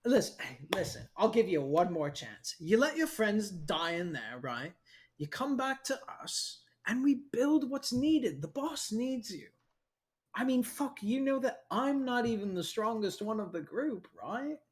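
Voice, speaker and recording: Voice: medium pitch, sing-song, measured pace, husky, pitched above the performer's own voice. A game master doing a sneering sadistic male villain. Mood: mocking. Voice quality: sneering, taunting, sing-song. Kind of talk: tabletop role-play.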